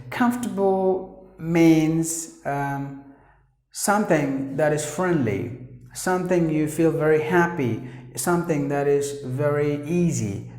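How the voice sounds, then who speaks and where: Slow, drilling teacher. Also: male voice, on the high side, darkish tone, reverberant. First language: Tamil. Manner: deliberate, repeats each word several times for drilling. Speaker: English pronunciation teacher. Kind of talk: pronunciation lesson.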